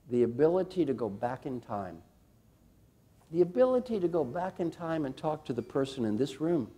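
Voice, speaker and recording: A man giving a motivational coaching talk to a live audience, emphatic and questioning, at times slowing to a soft, guided reflection. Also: mid-range voice, lively intonation, breathy edge. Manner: slows and drops softly for a guided reflection. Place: conference hall before a live audience.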